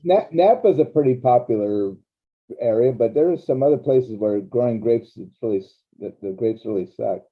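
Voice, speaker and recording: A man hosts a casual virtual wine tasting over a video call and talks in a rambling, jokey way. His pitch sits in the middle of the range, and the call audio is thin and tinny, like a phone line. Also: normal speed. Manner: rambling, jokey, self-interrupting. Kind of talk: casual group video chat.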